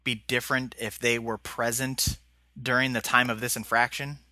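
A man hosts a podcast in a casual interview. His voice is strikingly bright and sharp, and the sound is dry. He sums up his guest's points and asks follow-up questions. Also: mid-range voice, flat delivery, normal speed, dry recording. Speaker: podcast host.

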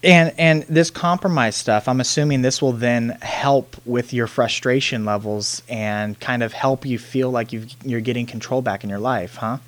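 A man hosting a podcast interview, talking in a relaxed, conversational way. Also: medium pitch, normal speed, few pauses, dry recording. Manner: relaxed, conversational, some restarts. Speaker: podcast host.

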